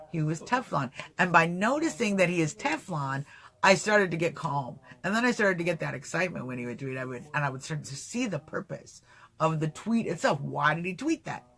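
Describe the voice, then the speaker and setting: Man, livestream host, high voice, bright tone, rambling, animated, chatty. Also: vocal fry. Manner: rambling, animated, answers chat comments. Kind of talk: casual political livestream talk.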